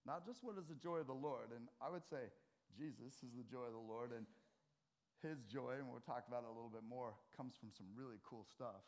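An American man preaching a sermon in a church as pastor, telling stories conversationally and swinging between loud and soft. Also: medium pitch, a little fast.

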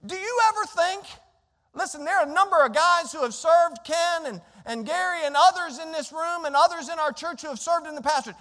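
High-voiced preacher in a reverberant hall. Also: male voice, fairly quick. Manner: preaching with dramatic swings in loudness, acting out inner complaints. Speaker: pastor. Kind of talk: sermon. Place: church sanctuary.

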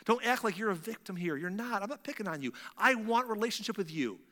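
A man playing God as an earnest, coaxing father figure. His voice is raised and bright, pressing each short line home. The sound carries a long reverb from a big hall. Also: sits high, lively intonation, fast talker, voice pushed up. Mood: pleading. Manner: urgent, coaxing, repetitive reassurance. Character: pleading divine father figure, earnest and firm.

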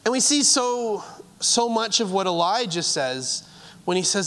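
Male preacher, high and unhurried, halting delivery, long echoing hall. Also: lively intonation. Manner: earnest, halting with repeated words, trailing off softly at phrase ends. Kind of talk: sermon.

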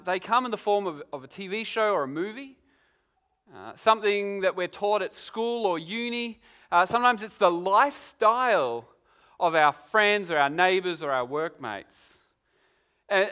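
A male preacher talks through his sermon in a relaxed, conversational way. His voice sits high and sounds bright and forward. He keeps posing questions straight to the congregation. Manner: conversational, asks many rhetorical questions.

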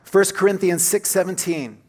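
A man's voice: sits high, normal speed. Man preaching in a church. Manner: earnest, conversational preaching, softens when quoting scripture. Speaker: pastor. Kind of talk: sermon.

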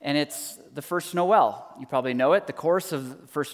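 A man's voice: fairly high pitch, moderate pace, hardly any pauses. A man in his thirties preaching a sermon as lead pastor, conversational and joking, with repeated rhetorical questions. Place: church hall. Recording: church hall with long reverb.

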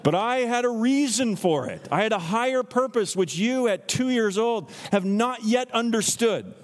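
A man in his thirties preaching a sermon as a pastor, teaching earnestly and acting out quotes in lively voices. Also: very high voice, moderate pace. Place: church sanctuary. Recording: long reverb from a church hall.

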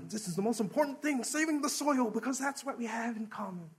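A man's voice: extremely high pitch, expressive, quick pace, husky, voice pushed up, heavily acted. A preacher voicing a passionate male environmental activist who rattles off statistics. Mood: fervent. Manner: passionate, insistent, rattling off figures. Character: excitable male soil activist at a bus stop.

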